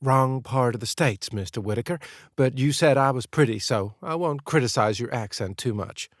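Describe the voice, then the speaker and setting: A man's voice: mid-range voice, normal speed, no echo, studio quality, natural voice. A man doing a cocky Texan woman, teasing. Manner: teasing, self-assured. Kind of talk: audiobook character voice.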